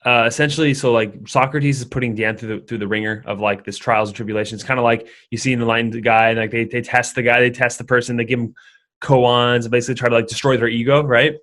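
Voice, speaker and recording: A man's voice: medium pitch, fairly even intonation, quick pace, a bit bright. A young man, a guest in a casual conversation, rambling with lots of fillers and restarts. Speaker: podcast guest.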